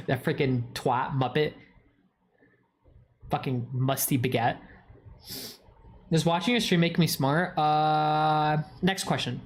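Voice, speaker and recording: A streamer with a stuffy nose, casually chatting with viewers and answering their questions, full of crude swearing and mock insults. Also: mid-range voice.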